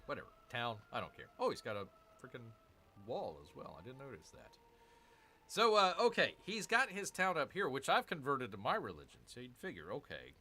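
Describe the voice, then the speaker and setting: Animated, bright-voiced man grumbling over a game. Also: mid-range voice. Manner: exasperated, grumbling asides. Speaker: streamer playing a strategy game. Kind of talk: gameplay commentary with chat reading.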